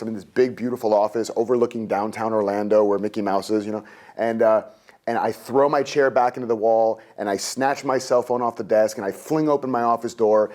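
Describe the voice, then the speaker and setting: A man in his thirties, a guest telling a story in an interview, lively and jokey, acting out his own past rants. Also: medium pitch.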